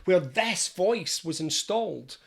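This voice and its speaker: A man, an anxiety coach, explaining anxiety in a lively storytelling monologue. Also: sits high, takes it slowly, gravelly, husky. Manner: lively, storytelling, acts out scenes.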